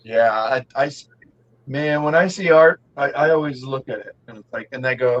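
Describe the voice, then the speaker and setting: A man co-hosting a casual podcast hangout, rambling and animated with lots of fillers. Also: mid-range voice, a little fast, lo-fi sound. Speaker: podcast co-host. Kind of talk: casual chat.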